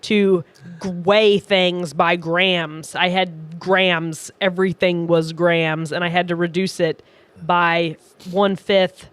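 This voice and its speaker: A man's voice: sits high, little pitch movement, slow pace, fairly bright tone, smooth, no room sound. A man co-hosting a casual chat show, telling a rambling, self-deprecating story. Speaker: podcast co-host.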